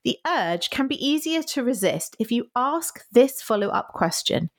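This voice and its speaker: A woman's voice: a little high, very animated, normal speed. A woman co-hosting a podcast in casual chat, laughing often and acting out apologetic quotes. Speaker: podcast co-host.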